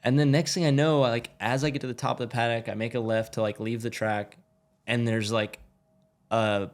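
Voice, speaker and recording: A man's voice: medium pitch, level tone, fairly quick. A man, a motorcycle racer guest, casually telling a story with lots of "like" and swearing. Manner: laid-back, swears freely, filler "like".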